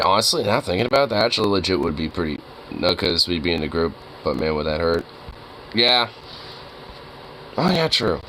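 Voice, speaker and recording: A man's voice: sits low, pushed and bright, a little hiss or hum, poor audio. Incredulous, swearing guy streaming. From suburban Toronto, Canada. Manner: laughing, incredulous, profane. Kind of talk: casual reaction commentary.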